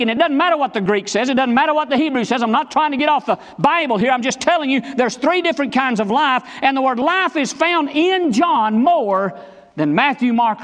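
A high-pitched male pastor delivers a sermon with emphatic, repeated phrases and pointed questions to the congregation. His voice rings out in a large church sanctuary, trailing a long reverb. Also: fairly bright tone. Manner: emphatic, repetitive preaching with direct questions.

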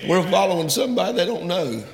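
A man preaching a fervent sermon in a church, rising to loud, emphatic peaks. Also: sits high, very animated, fast. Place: church sanctuary. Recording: echoey hall from far off.

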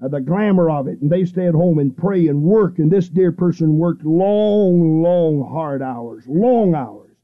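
High-pitched preacher guy on old radio, fervent, repeats himself, dull lo-fi sound. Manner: fervent, repetitive preaching with emphatic pauses. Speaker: radio evangelist. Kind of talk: radio sermon. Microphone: studio microphone, seated.

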